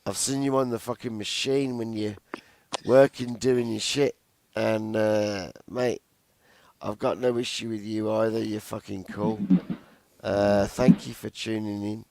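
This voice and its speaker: A man's voice: fairly low pitch, level tone, a little slow, creaky, darkish tone. A man on a stream panel, swearing casually and reassuring others.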